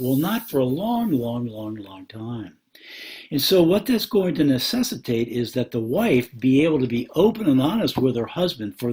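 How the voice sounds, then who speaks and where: A man's voice: medium pitch, a little mellow. Earnest man who keeps repeating words. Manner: slow, with many pauses and fillers. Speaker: Christian marriage counselor. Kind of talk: advice talk to camera.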